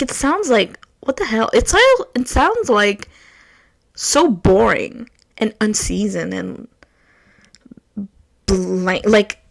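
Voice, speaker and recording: A young woman, hosting her own podcast and telling a story in casual chat, swinging from loud outbursts to hushed asides. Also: fairly high pitch, vocal fry. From Quebec, Canada. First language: French. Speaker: podcast host.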